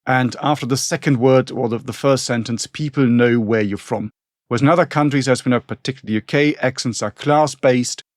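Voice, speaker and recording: A podcast co-host from northern Germany, a man whose first language is German, chats casually about history. His medium-pitched voice is brisk, the studio sound is clean with no echo, and he rambles with many restarts and asides.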